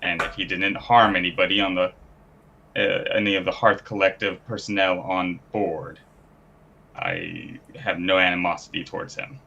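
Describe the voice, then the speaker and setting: A man playing in a live-play tabletop game, speaking in a measured, formal, halting way. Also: low-pitched, lively intonation, creaky, pushed and bright, dull audio. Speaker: player.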